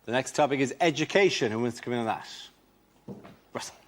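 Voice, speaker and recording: A British man hosting a comedy panel show, briskly announcing topics and thanking comedians. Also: mid-range voice, lively intonation. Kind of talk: host links. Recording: TV studio with loud audience and noise. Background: audience laughter.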